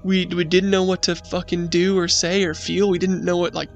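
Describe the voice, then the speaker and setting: A man's voice: high-pitched, little pitch movement, moderate pace, soft background music. A young man casually telling a spooky story about his friends, rambling and swearing, with lots of "like". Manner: profane, rambling, heavy use of "like".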